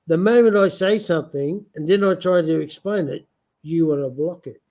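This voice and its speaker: Insistent lecturing man, mellow tone. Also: a little high, normal speed. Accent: non-American English. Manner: insistent, lecturing, repeats points. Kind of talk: heated casual argument.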